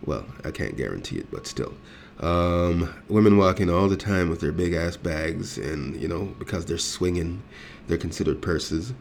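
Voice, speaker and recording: Very deep, gravelly-voiced man with a swaggering, foul-mouthed storyteller delivery. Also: expressive, moderate pace, slight background noise. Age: adult. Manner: heated, profane, swaggering, acting out dialogue. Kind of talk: profane storytelling rant.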